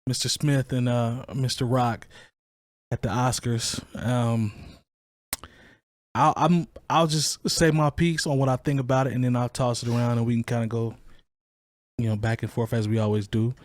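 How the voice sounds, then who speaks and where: A man with a mid-range voice and flat delivery speaks at a moderate pace in a dry recording. He hosts a hip hop talk podcast, chatting casually and sharing his opinions, restarting his sentences often.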